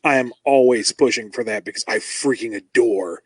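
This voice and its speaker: A man's voice: mid-range voice, moderate pace, slightly rough, dry recording, low-quality recording. A man, a comic book writer, talking casually and enthusiastically in an interview. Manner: enthusiastic, animated when quoting others.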